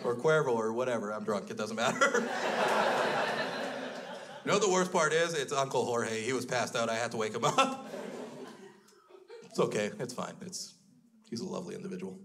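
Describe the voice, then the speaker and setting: A man's voice: mid-range voice, animated, moderate pace, vocal fry, pauses often. A man in his thirties from Alberta, Canada, doing stand-up comedy with crude, self-mocking storytelling before a live audience. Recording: loud noisy live stage recording.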